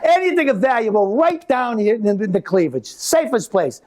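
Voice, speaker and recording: A man doing a live stand-up comedy set, telling stories in an animated way with quick asides. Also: sits high. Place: live comedy venue with audience.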